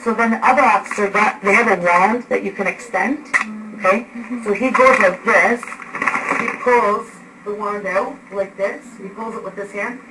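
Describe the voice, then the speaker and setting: A woman's voice: mid-range voice, moderate pace. A woman giving an agitated eyewitness account indoors at home, acting out events with gestures as she speaks. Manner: animated, acts out events with gestures. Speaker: eyewitness recounting an arrest. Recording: echoey room, distant mic, background noise.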